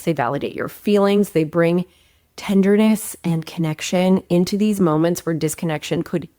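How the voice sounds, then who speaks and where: A young adult woman gives relationship advice straight to camera, with a slightly low voice. She talks in an expressive, emphatic way that swings up often. The recording is dry and close, with no room sound. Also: no room sound. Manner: expressive and emphatic, with frequent upward swings and a few laughs. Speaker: relationship coach and host.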